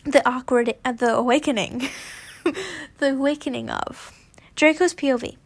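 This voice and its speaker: A woman's voice: high-pitched, steady tone, moderate pace, vocal fry. A woman reading a fanfiction story aloud, stumbling over words and breaking off with giggly asides. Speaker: fanfiction reader.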